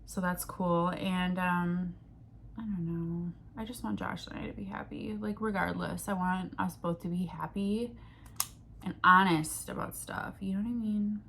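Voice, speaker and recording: A woman's voice: on the low side, fairly even intonation, measured pace, gravelly, fairly bright tone. A young woman talks straight to camera in a casual venting vlog. She rambles, restarts and swears freely as she jumps between thoughts, over a faint hum of background noise. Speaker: vlogger.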